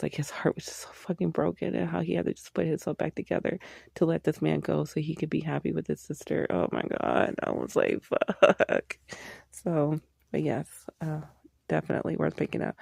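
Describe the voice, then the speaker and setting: Gravelly, gushing woman reviewing books. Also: sits low, dry recording, clean studio sound. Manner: excitable, swears a lot, gushing. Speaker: book reviewer. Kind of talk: casual book review vlog.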